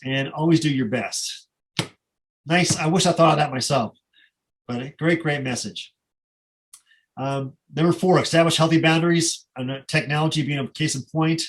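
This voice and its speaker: Man with a slightly high, chatty voice. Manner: conversational, rambling asides with many fillers. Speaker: presenter. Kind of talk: casual presentation with slides.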